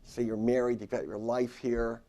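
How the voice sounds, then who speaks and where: A man's voice: medium pitch, flat delivery, normal speed, dark tone. Emphatic middle-aged man lecturing therapists. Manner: emphatic, repetitive, talks straight to the audience. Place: lecture room at a university.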